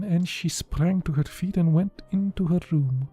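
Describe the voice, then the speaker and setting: An audiobook narrator reading a literary novel in a measured, even way. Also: medium pitch, breathy edge, dry recording, soft background music.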